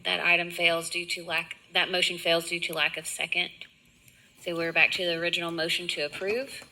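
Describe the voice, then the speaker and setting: A woman chairing a county commission meeting, brisk and procedural. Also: lowish voice, little pitch movement, sharp tone, rough recording.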